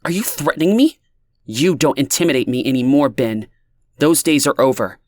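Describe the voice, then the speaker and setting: A woman's voice: very deep voice, animated, normal speed, a little mellow, no room sound, pitched above the performer's own voice. A man reading an audiobook, voicing a frightened but defiant young mother on the phone in a raised, tense voice. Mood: angry. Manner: tense, pleading then angry.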